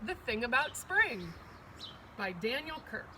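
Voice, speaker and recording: A woman reading a picture book aloud to children in an animated, expressive way. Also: a little high, measured pace, a little hiss or hum, rough recording.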